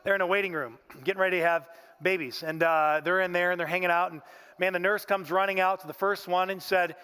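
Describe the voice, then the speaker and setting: A man's voice: high voice, steady tone, fast talker, bright, forceful tone, smooth. A man preaching a sermon in a church, telling stories in a folksy way and often saying "man". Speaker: pastor. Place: church sanctuary.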